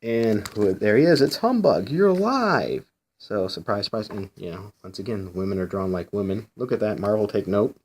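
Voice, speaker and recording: Chatty man with a low voice. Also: animated, moderate pace, darkish tone, slight background noise. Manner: chatty, rambling, frequent "you know"; asks viewers questions directly. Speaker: comic book reviewer. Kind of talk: casual review commentary.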